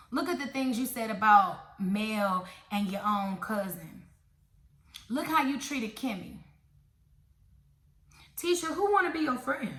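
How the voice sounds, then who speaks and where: A woman's voice: fairly high pitch, fairly bright tone. A woman giving a blunt, sassy recap of a reality show, talking straight to her viewers. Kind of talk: casual opinionated show review. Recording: echoey room.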